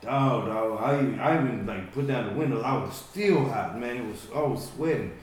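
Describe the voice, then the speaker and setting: A man's voice: mid-range voice, moderate pace, slight background noise. Man, slangy drawling chat, far from the mic, very echoey room. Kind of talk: casual chat.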